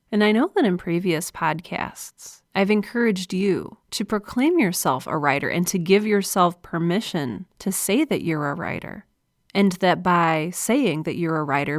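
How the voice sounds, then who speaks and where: A woman with a lowish voice hosts a solo podcast, speaking close to a studio microphone with no room sound. Her delivery is earnest and confiding, and you can hear her smiling.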